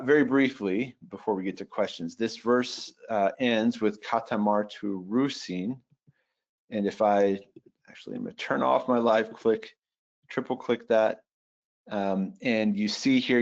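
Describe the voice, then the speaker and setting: Low-voiced man teaching over a webinar. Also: a little mellow. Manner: explanatory, frequent fillers. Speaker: webinar instructor. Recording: dull lo-fi web audio.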